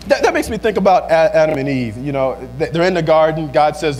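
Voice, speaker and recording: A male pastor preaching a sermon, asking the same questions again and again, stumbling over restarts and rising to shouts. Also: fairly high pitch, animated, fast talker, hardly any pauses, faint music behind.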